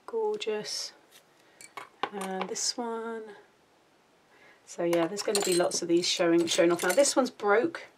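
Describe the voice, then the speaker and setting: A woman from the UK, a craft vlogger, chatting casually and gushingly while showing off her collection, often murmuring softly, a little out of breath. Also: medium pitch, unhurried, long pauses, background noise. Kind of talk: casual show-and-tell chat. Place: home, sitting down.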